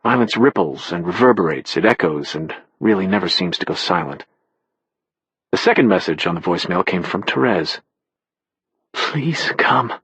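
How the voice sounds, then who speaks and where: A male narrator reads a first-person thriller in a measured, matter-of-fact manner. His low voice is husky and a little breathy. The recording is dry and slightly dull. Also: expressive, a bit bright, dry recording. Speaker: audiobook narrator.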